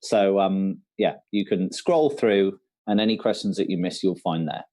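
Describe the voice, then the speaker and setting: A man with a Shrewsbury accent co-hosting a live online quiz from an office, chatty and quick to laugh, with plenty of "um"s. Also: deep voice, dark tone, dry recording. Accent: Shrewsbury English. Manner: chatty, laughs often, hesitant with "um". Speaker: quiz co-host. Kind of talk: casual live-stream quiz banter.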